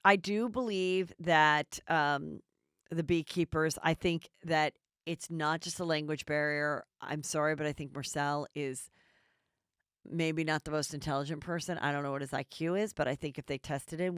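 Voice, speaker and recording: A woman's voice: low voice, steady tone, moderate pace, a bit bright, smooth, dry recording, studio quality. A woman hosting a gossip podcast, chatting bluntly and casually and swearing freely. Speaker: podcast host.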